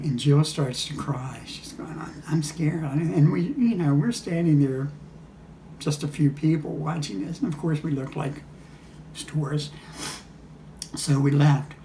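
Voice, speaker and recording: A man's voice: a little high, dark tone, a little hiss or hum. An older man casually recounting travel memories, rambling with frequent restarts and chuckles. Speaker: storyteller. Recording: echoey room.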